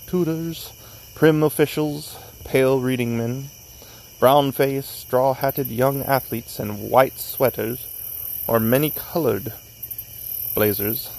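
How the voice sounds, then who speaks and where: Gravelly man reading a story outdoors. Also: mid-range voice, darkish tone, slight background noise, low-quality recording. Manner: unhurried reading with small slips it corrects. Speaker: narrator. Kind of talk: reading a classic story aloud. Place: outdoors in a cemetery at night.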